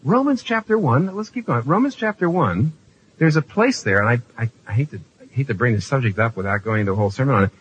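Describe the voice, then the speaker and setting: A man preaching a sermon in an animated way, often repeating phrases and restarting sentences. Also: medium pitch, fast talker, a little hiss or hum, rough recording. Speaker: pastor.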